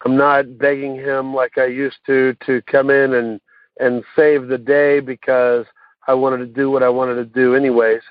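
A man's voice: mid-range voice, level tone, dry recording. Man sharing his story over a tinny phone line. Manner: halting, many fillers and restarts. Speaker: recovery meeting speaker. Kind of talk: personal recovery share. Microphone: phone call.

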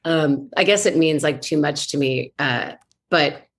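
A woman's voice: low voice, unhurried. A woman voice actress chatting in an interview, playful and self-mocking, often restarting her sentences. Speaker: voice actress guest. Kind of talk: casual interview chat.

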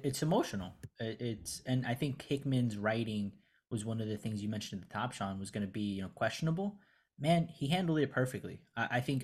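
A man co-hosting a casual comic book review chat, earnest and searching for his words as he praises. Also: medium pitch.

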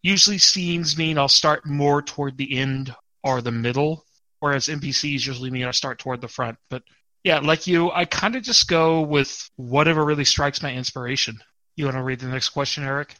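A man with a bright, forward voice hosts a podcast and chats casually. He is quick to poke fun at himself, and his close mic gives a dry sound with no room echo. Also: mid-range voice. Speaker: podcast host.

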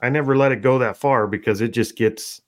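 A man's voice: mid-range voice, a little fast. A man from South Dakota co-hosting a podcast in casual chat, tossing out dry wisecracks. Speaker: podcast co-host.

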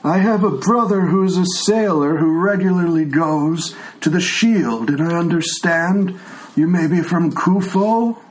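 On a rough recording, a man voices an old, blind male tiefling who speaks courteously in a raised, slightly quavering voice. His own voice is a little high and pushed upward, unhurried and lightly acted.

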